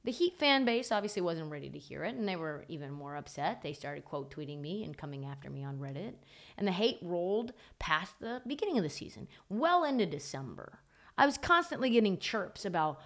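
Lively, mocking woman sports podcaster. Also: fairly low pitch, brisk. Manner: gleeful, mocking and emphatic; punchy repeated short phrases. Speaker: podcast host. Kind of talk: sports talk monologue.

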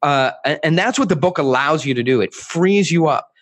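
A man speaking as a guest author in an interview, emphatic and animated, acting out quotes with many restarts. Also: a little high, normal speed.

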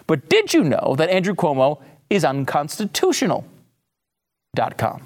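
A male host delivering a sarcastic political comedy monologue. His pitch swings widely, and he often leaps into a high, mocking voice for punchlines. The rest is mock-serious and deadpan. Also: normal speed.

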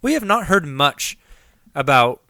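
A man hosts a casual sports podcast with a bright, forceful voice. The sound is dry and close, and he talks in an upbeat way, steering the chat and firing questions at the others. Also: fairly high pitch, big pitch swings, a little slow, creaky, no room sound. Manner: upbeat, leads the conversation and poses questions. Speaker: podcast host.

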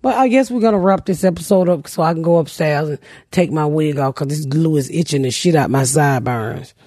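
A middle-aged woman hosting a comedy podcast, telling stories loudly and profanely and acting out other people's voices. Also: low voice, fairly quick, dry recording, clean studio sound. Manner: loud, profane, storytelling with mimicked voices. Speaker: podcast host. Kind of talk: casual comedic chat.

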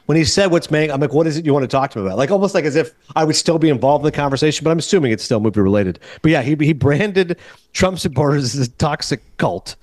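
A man's voice: fairly high pitch, animated, a little mellow, no room sound. A Canadian-raised man hosting a podcast, telling stories in casual movie chat. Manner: fast, chatty storytelling. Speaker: podcast host.

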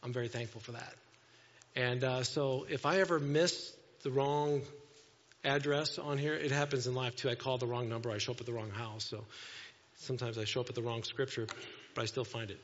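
A man's voice: mid-range voice, steady tone, fairly quick, long reverb tail, lo-fi sound, slight background noise. A man preaching a sermon as pastor, reading scripture aloud in a conversational, self-deprecating way to his church. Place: church sanctuary.

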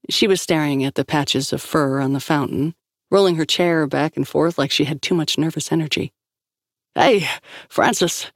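Woman reading a story, gravelly voice, super dry close mic. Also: sits low, no room sound. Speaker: audiobook narrator. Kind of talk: scripted narration.

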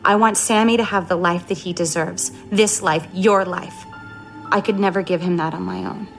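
An actress playing a cold, scheming woman who confronts her sister with calm menace in a film drama. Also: lowish voice, moderate pace, creaky, soft background music. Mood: coldly menacing.

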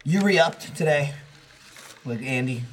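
A man's voice: on the high side, takes it slowly, slight background noise. A young man hosting a podcast in casual banter, joking and mocking himself. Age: young adult. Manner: joking, self-mocking, animated. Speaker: podcast host.

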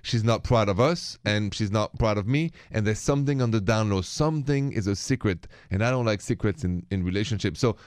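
A man's voice: lowish voice, fairly quick, hardly any pauses, dry recording, studio quality. French-accented man hosting a radio call-in. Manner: chatty, mixes in French greetings. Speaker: radio call-in show host.

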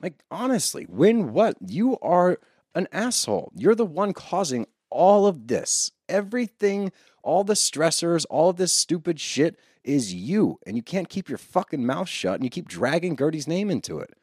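A man ranting with heated, profane energy as he co-hosts a casual recap podcast. His pitch swings widely and he talks into a close mic in a dry, dead room. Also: very animated, normal speed, darkish tone, husky, no room sound. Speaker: podcast co-host.

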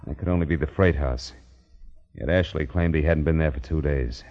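An actor playing a dry, wisecracking hard-boiled private detective in a 1950s radio drama. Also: male voice, very deep voice, brisk, faint music behind. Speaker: narrator and lead detective. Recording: dull lo-fi 1950s radio broadcast.

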